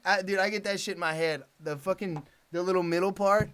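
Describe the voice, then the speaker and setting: A man's voice: high-pitched, steady tone, brisk, hardly any pauses, fairly bright tone, smooth, no room sound. A man hosting a casual live stream, rambling, swearing freely and laughing often. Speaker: livestream host.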